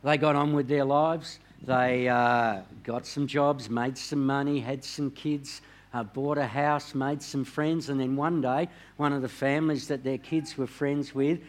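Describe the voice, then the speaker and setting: A man preaching a sermon, telling a story in a measured way and dropping his voice quietly on key words. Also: medium pitch, fairly even intonation. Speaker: pastor.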